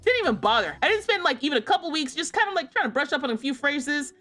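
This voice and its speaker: A woman's voice: sits high, very animated, fast talker, sharp tone, faint music behind. A young American woman streaming a game, casually telling a travel story, laughing often and acting out the voices of people she quotes. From United States. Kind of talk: casual storytelling while gaming.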